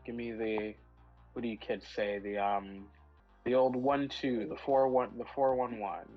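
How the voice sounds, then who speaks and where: A man's voice: medium pitch, fairly even intonation, unhurried, natural voice. A man voicing a bossy, meddling old grandmother who talks in fussy, chatty bursts with dated slang. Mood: nosy. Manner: chatty, fussing, out-of-touch slang. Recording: dull lo-fi audio with faint music.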